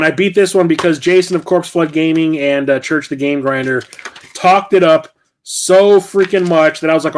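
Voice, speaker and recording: A man's voice: on the high side, a little hiss or hum. A middle-aged man chatting casually about his game collection, rambling, correcting himself and swearing freely. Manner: rambling, profane, self-correcting. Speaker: game collector and channel host. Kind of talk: casual vlog chat.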